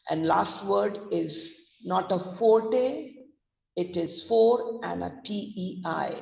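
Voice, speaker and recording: A woman's voice: lowish voice, takes it slowly, gravelly. A woman with an Indian English accent teaching pronunciation, spelling words letter by letter and explaining stress. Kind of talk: online lesson, spelling out words. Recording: dull distant roomy audio.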